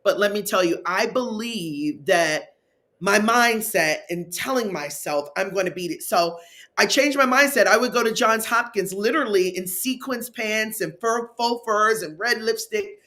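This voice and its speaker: Expressive woman telling her story. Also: medium pitch, moderate pace. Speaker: keynote speaker and wellness coach. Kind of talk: live panel talk, personal story.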